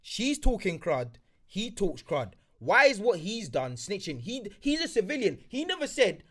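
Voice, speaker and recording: A man's voice: high-pitched, very animated, normal speed, fairly bright tone. A young man in a heated group debate, pushing back on the others with pointed questions. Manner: challenging, presses others with questions. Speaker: podcast panelist.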